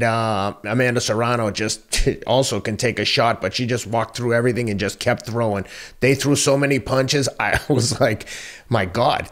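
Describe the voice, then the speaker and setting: A man co-hosts a boxing podcast and recaps a fight. He talks in a relaxed, easygoing way and laughs easily. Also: mid-range voice. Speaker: podcast co-host. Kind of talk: casual sports talk.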